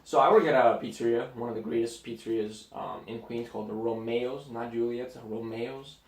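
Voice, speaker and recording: A man co-hosting a casual podcast, telling stories with quick asides. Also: mid-range voice, creaky. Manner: animated storyteller, quick asides. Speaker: podcast co-host. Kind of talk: casual chat. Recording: roomy echo, mic at a distance.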